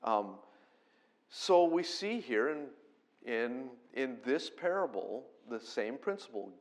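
A man preaching a conversational sermon, explaining scripture verse by verse and rising to loud, emphatic peaks when he quotes it. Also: mid-range voice, big pitch swings, takes it slowly. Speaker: pastor.

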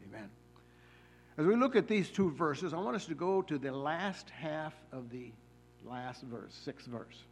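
A man preaching a sermon in church, slowing down to stress the scripture he quotes and often pausing with fillers and repeated words. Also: fairly high pitch, animated, husky.

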